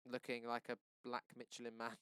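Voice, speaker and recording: A man's voice: mid-range voice, monotone, fairly quick, a bit bright, smooth, no echo, close to an everyday voice. A man reading aloud and voicing a battered older shopkeeper who brushes off his beating with a defiant drawl. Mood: boastful. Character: older male shopkeeper, beaten up and boastful.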